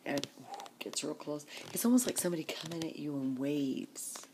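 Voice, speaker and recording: A woman's voice: low-pitched, normal speed, noisy background. A woman ranting in a casual vlog, exasperated and complaining, often dropping to a whisper. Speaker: vlogger.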